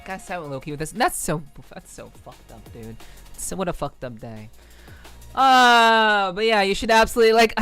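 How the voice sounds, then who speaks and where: Smooth-voiced woman streamer chatting casually. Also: lowish voice, very animated, normal speed, fairly bright tone, faint music behind. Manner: chatty, repeats phrases, swears casually. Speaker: VTuber streamer.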